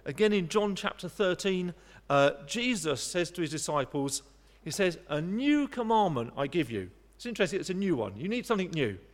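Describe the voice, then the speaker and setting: A man's voice: high-pitched, big pitch swings, normal speed, long reverb tail. A man preaching a sermon in an earnest, conversational way, with frequent restarts. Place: church.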